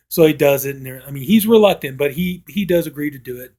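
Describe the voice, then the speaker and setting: A man's voice: mid-range voice, fast, hardly any pauses, darkish tone. A man giving a casual film review, rambling and filling his talk with "you know". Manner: rambling, heavy use of "you know" fillers; acts out quoted lines from the film.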